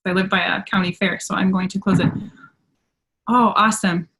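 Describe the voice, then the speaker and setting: A woman's voice: mid-range voice, steady tone, normal speed, fairly bright tone, low-quality recording. A woman with an Upper Michigan accent hosting a live team training call over video from her home, chatty and upbeat and often laughing at herself. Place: at home by a window. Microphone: computer on a video call.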